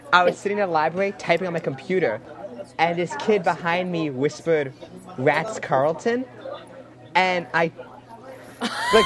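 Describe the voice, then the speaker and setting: Teenage male podcast co-host, lively pitch, acts out voices, crowd noise behind. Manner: animated storyteller, acts out voices in anecdotes. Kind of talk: casual chat.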